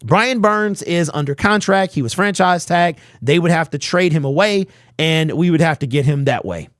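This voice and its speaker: A man's voice: on the high side, normal speed, a bit bright, no echo, clean studio sound. A young man hosting a live sports talk stream, ranting bluntly, reading chat messages aloud and firing off rhetorical questions. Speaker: host.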